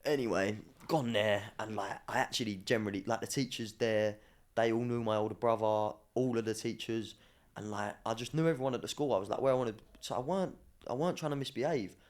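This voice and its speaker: Young adult male, slightly low pitch, animated slangy storyteller, casual podcast chat. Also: brisk. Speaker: podcast guest, former academy footballer.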